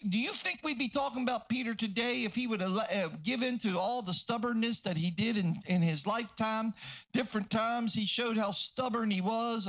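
A man pastor preaching a sermon, fervent and repetitive, sometimes breaking into shouts. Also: very high-pitched, brisk.

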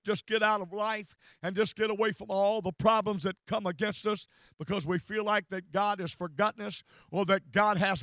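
High-voiced fervent male preacher. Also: fairly bright tone, no room sound. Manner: fervent, repeats words, cries out hallelujah. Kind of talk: sermon.

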